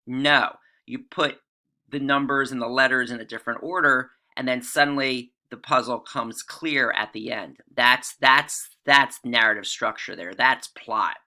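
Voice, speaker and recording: A man's voice: medium pitch, unhurried, sharp tone. A middle-aged man teaching literature, talking casually and reading passages aloud, often checking in with his listeners. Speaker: English teacher. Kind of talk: literature lecture.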